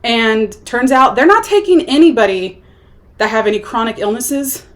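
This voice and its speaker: A woman's voice: a little high, expressive, moderate pace. A young woman vlogging a casual movie review, rambling and chatty with lots of filler words. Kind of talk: casual chat.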